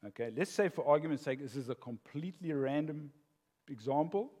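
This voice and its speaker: A man's voice: on the high side, lively intonation, brisk, warm tone, breathy edge. An older man preaches in a slightly raised voice that swings widely up and down. He tells his stories with animation and laughs at his own jokes. His words ring out with a long, trailing reverb from a large hall. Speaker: pastor. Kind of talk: sermon.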